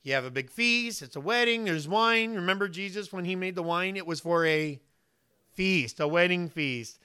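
Man, preacher, sermon, high voice, bright tone, asks the audience questions, dry close sound. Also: moderate pace, clean tone, no echo. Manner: animated, asks the listeners questions, voices the figures.

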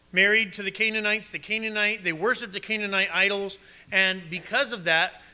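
Bright-voiced preaching male pastor. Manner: emphatic preaching, drops low and soft on key words. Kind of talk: sermon.

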